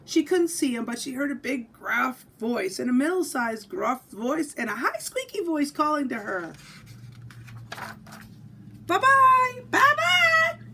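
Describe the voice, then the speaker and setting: Woman teacher, picture-book read-aloud, high and very animated. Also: normal speed, gravelly, few pauses, slight background noise. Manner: animated storytelling. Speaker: physical education teacher.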